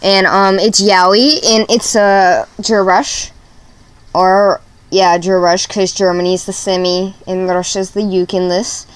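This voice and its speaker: A woman's voice: medium pitch, steady tone, unhurried, hardly any pauses, smooth, no room sound. Sleepy rambling woman reading fanfic. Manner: rambling, sleepy, self-interrupting asides. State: sleep-deprived. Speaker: fanfic reader. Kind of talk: casual reading aloud of fan fiction.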